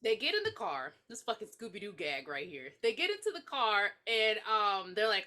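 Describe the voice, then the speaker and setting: A woman co-hosting a podcast, excitably acting out movie scenes and laughing as she recaps in casual chat. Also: mid-range voice, normal speed, hardly any pauses. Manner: giggly, excitable, acts out scenes. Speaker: podcast co-host.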